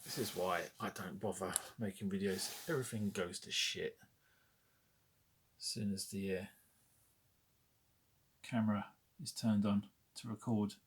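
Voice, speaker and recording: A man's voice: fairly low pitch, steady tone, measured pace, pauses often, breathy edge. A man in his forties from Britain, chatting casually and wryly about his film memorabilia, rambling and correcting himself as he goes. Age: 40s. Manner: rambling, self-correcting, wry. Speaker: collector showing memorabilia. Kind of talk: casual chat.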